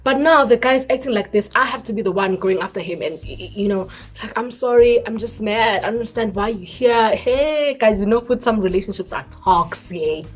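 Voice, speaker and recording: Expressive South African woman telling a story. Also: medium pitch. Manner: expressive storytelling that mixes in isiZulu words. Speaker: vlogger. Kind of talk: storytime vlog.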